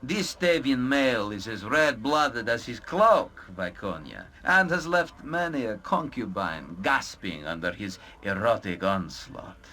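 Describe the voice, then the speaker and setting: A man's voice: fairly low pitch, pushed and bright, full character voice. An actor voicing an arrogant, pompous male wizard in a video game, florid and theatrical.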